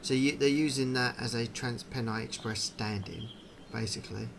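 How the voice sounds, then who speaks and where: A man talks through a game in a loose, chatty way, wondering aloud at what he sees. His voice has a gravelly edge and sits at an ordinary pitch. Steady noise hums behind him throughout. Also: moderate pace. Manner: chatty, musing aloud, puzzled asides. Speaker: gaming channel host. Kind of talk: casual game commentary.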